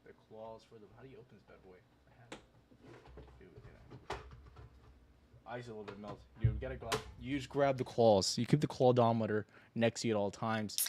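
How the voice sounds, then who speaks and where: A young man hosting a casual stock trading livestream, rambling and joking in slang, with sudden loud mocking bursts. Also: medium pitch, fairly even intonation, fairly quick, long pauses, noisy background.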